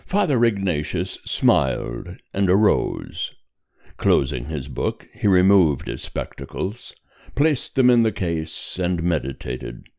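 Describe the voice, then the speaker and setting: A male storyteller with an extremely deep voice reads in a slow, grave, measured way. His tone still rises and falls with plenty of life. The sound is dry and close, with no room echo. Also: very animated, vocal fry, a little mellow. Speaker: narrator. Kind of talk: scripted story narration.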